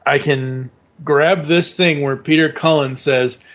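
A man's voice: on the high side, steady tone, takes it slowly, a bit bright, highs cut off. A man hosting a podcast, chatting casually and enthusiastically, rambling with restarts. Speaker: podcast host. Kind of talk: casual fan chat.

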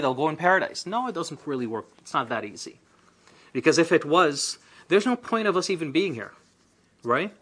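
A man leads an indoor Quran class in a relaxed, conversational way. He talks with his students rather than at them. He throws out rhetorical questions and offhand asides as he explains. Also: on the high side. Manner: lively, asks rhetorical questions, chatty asides. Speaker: Islamic teacher.

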